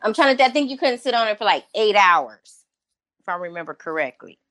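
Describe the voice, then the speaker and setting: A woman in her thirties as an interview guest, telling her story casually in an excitable, animated way and acting out what people said. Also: medium pitch, brisk, no echo. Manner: excitable, animated, acts out quotes.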